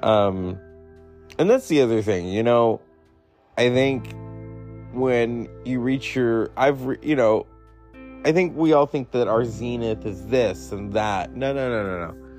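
A man in his forties talking in a rambling solo monologue, swearing and mocking himself, jumping high when he quotes himself. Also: measured pace, a little mellow, soft background music. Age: 40s. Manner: swearing, self-mocking, jumps between topics.

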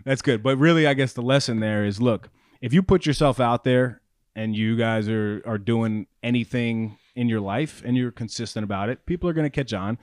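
A man co-hosting a podcast in casual chat, an animated storyteller who acts out the voices of people he quotes. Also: medium pitch, normal speed, no echo, studio quality. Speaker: podcast co-host.

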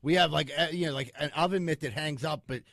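A man with a fairly high voice talks fast and relaxed, griping good-naturedly. The recording is close and dry. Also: creaky, dry recording. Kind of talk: casual chat.

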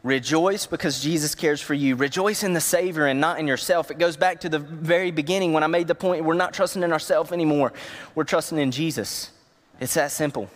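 A youth pastor preaching a sermon, telling personal stories in a conversational, emotional way. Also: male voice, fairly high pitch, brisk, long reverb tail.

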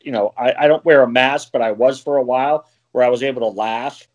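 A man's voice: medium pitch, a little fast. A man who works as a wrestling referee, chatting casually on a podcast, laughing often and rambling with plenty of fillers.

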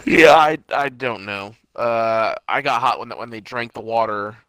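Man, laid-back co-host, bright voice, short asides, dry sound. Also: medium pitch, measured pace, no room sound. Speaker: podcast co-host. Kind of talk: casual chat reviewing a TV show.

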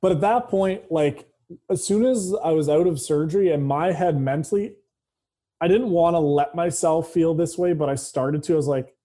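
A man speaking as a guest in a casual conversation, open and matter-of-fact, with a dark sense of humor. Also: fairly high pitch, normal speed.

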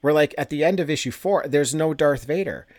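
A man's voice: fairly high pitch, a little fast, darkish tone, no echo. Laughing man recapping a comic. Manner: laughs often, rambling with fillers. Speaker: podcast co-host. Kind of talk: casual chat recapping a comic.

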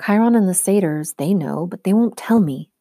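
An earnest teen demigod girl, urgent and frustrated, voiced by a woman reading aloud. Her tone is low-set and mellow, with a dry, close sound. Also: animated, normal speed, no room sound.

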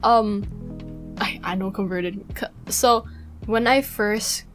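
A woman's voice: medium pitch, takes it slowly, fairly bright tone, faint music behind. A young woman from Malaysia co-hosting a podcast, chatting casually and gushing as a fan, with frequent giggles. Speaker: podcast co-host. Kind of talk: casual chat.

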